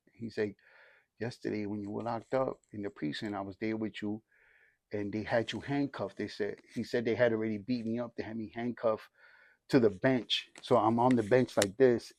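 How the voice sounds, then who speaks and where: A man's voice: on the low side, a little mellow, no echo. Slangy man telling his story, dry sound. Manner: informal, slangy, rambling with restarts. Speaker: church group member sharing testimony. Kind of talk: casual storytelling testimony.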